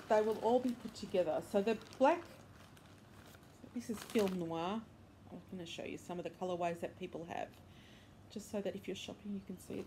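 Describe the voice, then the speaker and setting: A woman with a medium-pitched, dark-toned voice hosts a crochet and knitting podcast from her bedroom, with a little hiss or hum audible. Her casual show-and-tell chat is enthusiastic and upbeat, rambling along with fillers and self-corrections.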